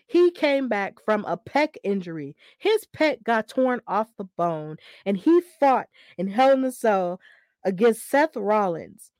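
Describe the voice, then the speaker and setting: A woman hosting a casual wrestling podcast, talking in an animated, emphatic way and repeating herself for weight. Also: medium pitch, measured pace, no room sound, clean studio sound. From Alabama. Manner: animated, emphatic and repetitive, venting frustration. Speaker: podcast host.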